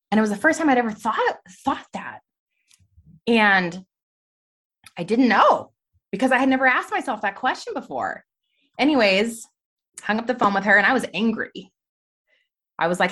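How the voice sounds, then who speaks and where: A woman's voice: mid-range voice, animated, normal speed, a bit bright. A woman in her thirties telling a candid personal story on a podcast, talking openly about her past. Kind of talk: personal testimony in conversation.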